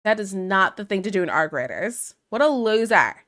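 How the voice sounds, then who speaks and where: Young woman, streamer, casual chat, middle pitch, laughs often, reads chat aloud. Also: sing-song, normal speed, fairly bright tone.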